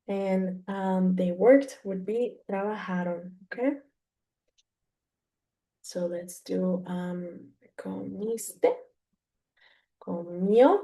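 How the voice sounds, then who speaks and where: Woman from Mexico, language teacher; mellow tone, unhurried, patient explaining. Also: medium pitch. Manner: patient, repeats "okay?" after each point, slow and careful. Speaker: Spanish teacher. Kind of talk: explaining grammar to learners.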